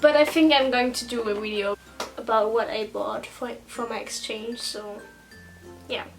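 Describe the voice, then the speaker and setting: A German teenage girl vlogs a casual Q and A in a somewhat high, fairly even voice with a German accent, at a moderate pace. She sounds hesitant and self-conscious, stumbling over words, laughing nervously and restarting. Music plays underneath, and the recording quality is low.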